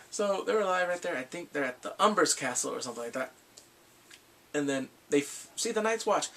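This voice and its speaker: A young man chats through a TV episode in an animated, excitable way, now and then acting out the characters loudly. His voice sits a little high, with a bright, forceful edge, a husky grain and a gravelly rasp. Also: brisk. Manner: animated, acts out scenes with shouted exclamations. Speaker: TV show reviewer. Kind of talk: casual recap.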